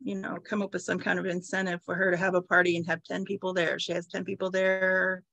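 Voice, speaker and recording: A woman's voice: on the low side, little pitch movement, fast, gravelly, a bit bright, no room sound. A woman guest on a casual team video call, talking tentatively as she thinks aloud.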